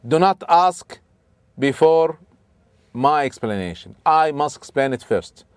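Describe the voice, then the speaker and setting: A man voicing a calm, stern, wise old sage who speaks in a measured, firm way, within a religious story lesson. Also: fairly high pitch, clean tone, no echo, studio quality, voice pushed up.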